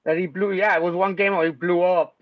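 A man with a high voice hosts a casual sports podcast, loose and excitable, swearing freely and laughing often. The sound is dry and a little dull, like a home lo-fi recording. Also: a little fast, dry recording. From Mexico. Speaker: podcast host.

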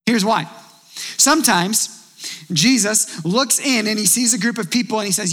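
Male pastor, sermon, high voice, bright tone, conversational and animated. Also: normal speed, big-room sound. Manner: conversational, animated storytelling with acted quotes.

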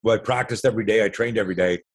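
A man's voice: fairly low pitch, rapid-fire. A man in his sixties from Canada, a podcast guest who tells stories with energy, acts out other people's lines and often repeats words mid-sentence. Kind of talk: animated storytelling.

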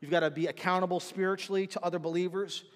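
A man's voice: high-pitched, fairly even intonation, quick pace, in a large hall. A man preaching a sermon as pastor, telling stories animatedly and acting out the voices of the people in them.

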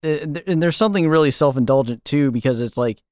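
A man guesting on a podcast, working through his thoughts on a film slowly and thoughtfully. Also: a little high, darkish tone, dry recording, clean studio sound. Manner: thoughtful, searching for words with fillers and restarts. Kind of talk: casual film discussion.

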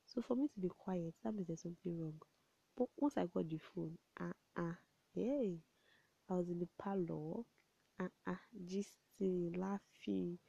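A young woman rambles through stories to her camera, now and then sinking into quiet asides. Her voice sits low and dark, with a gravelly, husky edge. The recording is dry and a little dull. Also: unhurried, no room sound. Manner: chatty, rambling, laughs often, drops to soft asides. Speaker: vlogger. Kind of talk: casual storytelling to camera.

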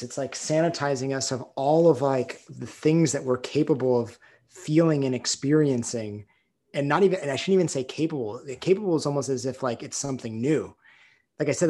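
A man hosts a casual podcast chat at a middle pitch. He thinks aloud as he talks, searching for words and leaning on lots of fillers. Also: darkish tone.

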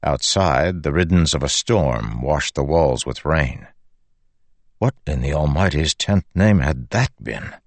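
A man reading an audiobook in a measured, even scripted narration. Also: a bass voice, no echo.

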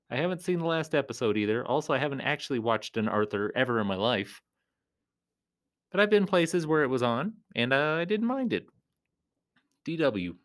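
This man, a professional clown, keeps his vlog loose and playful, wandering from topic to topic. He frequently breaks into high, silly voices.

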